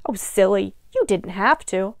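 A woman voicing a cheerful little farm girl in a children's story, speaking high and excited. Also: unhurried, no echo, clean studio sound. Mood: giggly.

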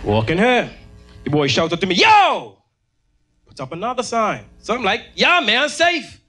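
A high-voiced Bermudian man telling a stand-up story on stage, his tone bright and forceful. He swings into shouted, high impressions of the people in his story. Faint music sits behind him. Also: moderate pace. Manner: animated, shouts gang voices high and loud. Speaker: opening comedian. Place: comedy stage in a venue.

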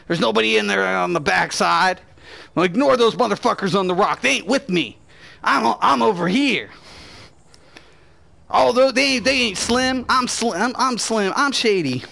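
A man's voice: sits high, vocal fry, a bit bright. A man hosting a gaming channel, ranting profanely and trash-talking during live gameplay commentary.

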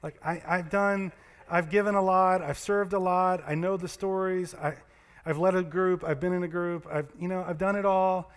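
A man's voice: sits high, fairly even intonation, normal speed, smooth, long reverb tail. A man giving a sermon as pastor, telling stories in a conversational way and acting out the voices of the people in them. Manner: conversational storytelling preacher, acts out voices. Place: church sanctuary.

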